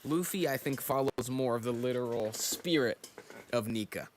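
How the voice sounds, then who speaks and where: A man's voice: medium pitch, moderate pace, a little hiss or hum. A man reacting casually on a live stream, thinking aloud and talking to his chat while yawning. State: sleepy, yawning. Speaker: streamer reading manga live.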